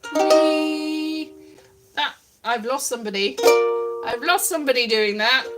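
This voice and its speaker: A woman's voice: a little high, normal speed, over loud music. A woman, chatting casually and self-deprecatingly to viewers on a livestream. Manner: self-deprecating, playful, rambling. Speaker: livestream host. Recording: ukulele in the background.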